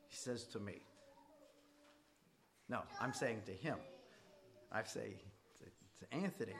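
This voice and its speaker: A middle-aged man teaching a faith class in a casual, conversational way. His pitch swings widely, climbing high, then dropping low and quiet. He turns to his students with direct questions. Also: very animated, normal speed.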